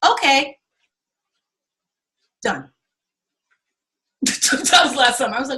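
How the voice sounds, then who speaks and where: Middle-aged woman coach, high-ish, bright voice, salty and animated teaching pitch. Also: normal speed, long pauses, poor audio. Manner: candid and profane, animated storytelling. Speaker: acting and fundraising coach.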